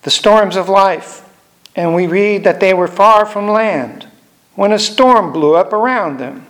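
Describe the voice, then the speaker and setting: An older man preaching a sermon in a measured way, repeating phrases for emphasis. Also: sits high, fairly bright tone.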